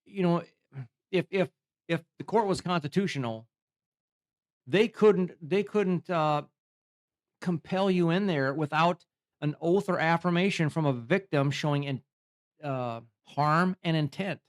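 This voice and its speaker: A man co-hosting a casual podcast chat, animated, laughing often and restarting his sentences. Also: a little high, unhurried. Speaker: podcast co-host.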